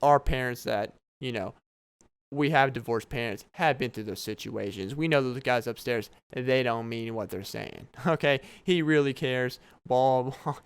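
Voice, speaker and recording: Young man, podcast host, casual rambling talk, laughing asides, clean resonant voice, mid pitch. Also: normal speed, clear, resonant tone. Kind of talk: casual solo podcast monologue. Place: home at night, downstairs apartment.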